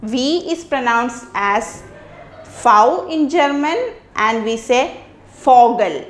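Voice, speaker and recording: With a high-pitched, lively voice, this woman from India teaches pronunciation slowly in an echoey classroom. She speaks Indian English, repeating every word twice and leaving pauses between phrases.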